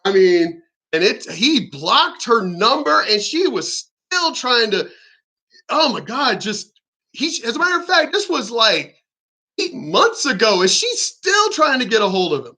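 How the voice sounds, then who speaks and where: A man's voice: very high-pitched, big pitch swings, a little slow, pushed and bright. A man from Virginia ranting in a casual vlog monologue, rambling and swearing heatedly. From Virginia, USA. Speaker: vlogger.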